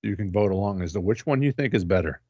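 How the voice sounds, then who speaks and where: A man with a low voice co-hosts a podcast, joking and cursing casually. The audio is dry and somewhat muffled. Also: lively intonation, fast talker, warm tone, breathy edge, dry recording. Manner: profane, joking. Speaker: podcast co-host.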